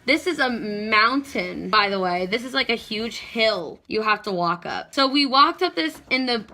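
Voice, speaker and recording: Bright, giggly teenage girl vlogger. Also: fairly high pitch, animated, a little slow. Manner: rambling, giggly, heavy on "like". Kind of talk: casual storytime.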